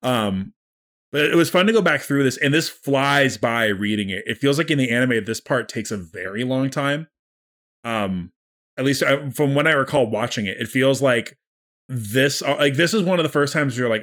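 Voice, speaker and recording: A man's voice: medium pitch, moderate pace, fairly bright tone. A man co-hosting a podcast, chatting loosely about a manga with many fillers and quoted character lines. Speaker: podcast co-host. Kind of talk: casual chat recapping a manga.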